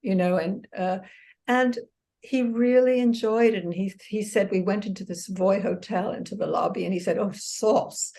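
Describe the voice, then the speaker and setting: Older woman, from the US, earnest reflective guest, mid-pitched voice. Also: steady tone, moderate pace, gravelly, dark tone. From United States. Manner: earnest, reflective, with restarts and light laughs. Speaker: author and exercise therapist, guest. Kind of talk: casual interview conversation.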